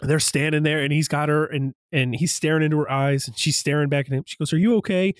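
A young man co-hosting a casual podcast, excitedly retelling movie scenes and jumping into high voices for quotes. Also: fast talker, no echo, studio quality. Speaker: podcast co-host.

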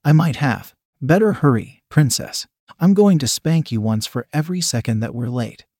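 A man voicing a dominant, teasing man who speaks low, soft and commanding. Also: expressive, normal speed, husky, no room sound, clean studio sound.

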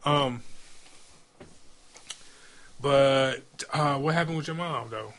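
A man hosts a podcast in loose, casual chat, with an enthusiastic and slangy delivery. His voice sits at a middle pitch for a man. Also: slow, vocal fry, a crowd in the background. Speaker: podcast host.

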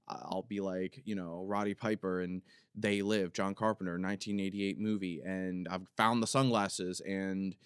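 A man's voice: deep voice, clean tone, no echo, studio quality. A man hosting a podcast, telling a long story in a casual, rambling way full of "like" fillers. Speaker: podcast host. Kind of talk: casual comedic monologue.

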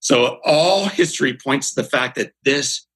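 A man's voice: medium pitch, a little slow, a bit bright, breathy edge, rough recording. A man, a guest on a podcast, giving motivational interview talk in an earnest, emphatic, almost preacher-like way.

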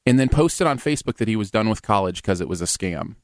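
Lively, laughing male co-host. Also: lowish voice, fast talker, no room sound, studio quality. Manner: animated, laughs often, jokey. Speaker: radio co-host. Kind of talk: casual news chat.

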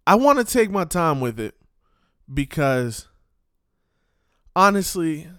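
A man with a high voice that swings widely in pitch, ranting in a casual monologue. He hammers the same rhetorical questions again and again and leans on streetwise slang. The recording is dry and close. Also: sing-song, takes it slowly, a bit bright, clean tone, no echo.

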